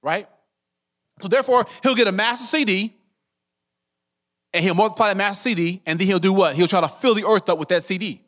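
A man's voice: sits high, a little fast, pauses often, fairly bright tone. A man preaching a sermon as pastor, calling his congregation saints and drawing them in with call-and-response questions.

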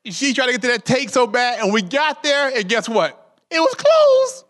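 A man's voice: very high voice, moderate pace, bright, forceful tone. A man preaching a sermon as pastor, calling his congregation saints and drawing them in with call-and-response questions.

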